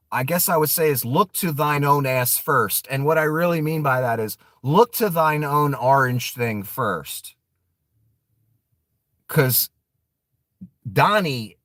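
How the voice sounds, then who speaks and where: A man's voice: mid-range voice, a bit bright, dry recording. A man giving casual, profane political commentary, laughing often and throwing mocking asides to his viewers.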